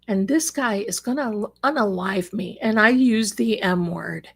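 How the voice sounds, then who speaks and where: A woman's voice: mid-range voice, measured pace, vocal fry, breathy edge. Middle-aged woman telling a dramatic tale. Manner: animated, dramatic storyteller with wry asides. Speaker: psychic show host. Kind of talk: live-stream storytelling.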